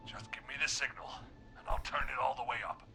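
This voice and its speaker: An actor playing a nervous man who hides from a killer, hesitant and halting in a video game. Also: mid-range voice, flat delivery, pushed and bright, faint music behind. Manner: hesitant, lots of uhs. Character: jittery man hiding from a killer.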